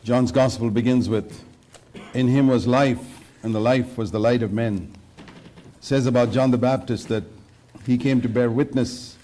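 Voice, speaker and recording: A man's voice: medium pitch, warm tone. A man preaching a sermon in an earnest way, quoting scripture and questioning his listeners directly. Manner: quotes scripture verse by verse.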